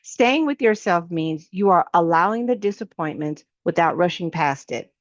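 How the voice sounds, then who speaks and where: Emphatic woman coach, low-ish voice. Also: lively intonation, moderate pace, no echo. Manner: emphatic, repetitive, sermon-like phrasing; casual, addresses listeners as sis. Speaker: life coach. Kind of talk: motivational teaching talk. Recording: slightly dull, lo-fi recording.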